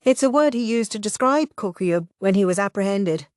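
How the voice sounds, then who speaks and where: A woman voicing a thoughtful young village woman who explains things gently. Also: medium pitch, expressive, moderate pace, dry recording, close to an everyday voice.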